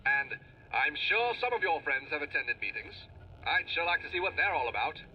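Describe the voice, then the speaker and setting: A polished old-time radio announcer in a video game. His voice sits slightly high, with a smooth announcer's delivery. It comes through a muffled, lo-fi radio. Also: sing-song, normal speed, slight background noise. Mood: genial. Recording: dull lo-fi radio sound.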